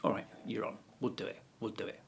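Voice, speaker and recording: A man's voice: on the low side, steady tone, quick pace, creaky, a little hiss or hum. A man voicing a polite, easily amazed young shepherd boy in a told joke. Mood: unbothered. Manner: polite, gushing.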